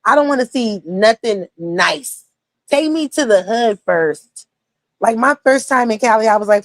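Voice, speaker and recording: A woman's voice: on the high side, lively intonation, moderate pace, no room sound. A young woman talking casually on a livestream, blunt and profane, rambling between topics as a streamer.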